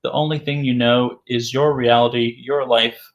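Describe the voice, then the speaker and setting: A man teaching an English vocabulary lesson, saying each word slowly and repeating it several times for learners. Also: medium pitch, little pitch movement, dull audio.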